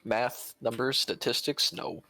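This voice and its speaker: A man's voice: mid-range voice, unhurried, gravelly, bright, forceful tone, dry recording, soft background music. A man co-commentating a tabletop miniatures game in casual chat, making dry joking asides.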